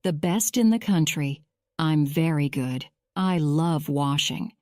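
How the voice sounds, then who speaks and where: A woman voicing an excitable, boastful male toad in an audio storybook, pleading in a raised, louder voice. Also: takes it slowly, no echo, studio quality. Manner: pleading, self-pitying, higher and louder than the narration.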